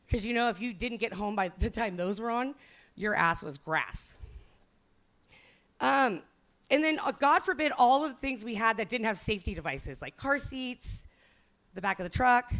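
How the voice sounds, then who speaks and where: A woman's voice: fairly high pitch, fairly bright tone. A woman in her forties doing a brash, profane, self-mocking stand-up comedy set.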